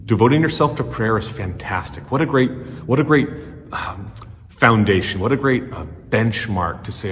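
A male pastor preaching a sermon in a conversational storytelling way, animated and acting out quotes. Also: lowish voice, moderate pace. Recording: long church-hall reverb.

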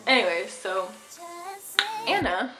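A young woman in a casual storytime vlog, chatty and animated, swearing freely. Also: medium pitch, takes it slowly, echoey room, over music. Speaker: vlogger.

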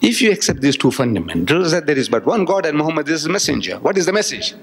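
An older man from South Africa delivers a public lecture with a slightly raised pitch. His speech is impassioned, climbing to emphatic peaks before sinking low again. The sound carries a long reverb from a large hall. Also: big pitch swings, quick pace, slightly rough.

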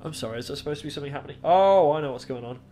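A man's voice: a little high, lively intonation, very fast, warm tone, faint music behind. A young man giving crude, sarcastic gameplay commentary as a channel host.

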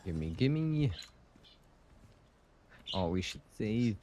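Male streamer, slow and low, giggly live commentary at home, faint hiss. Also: very animated, warm tone. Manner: chatty, giggly, reacts aloud. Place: home with pet birds chattering.

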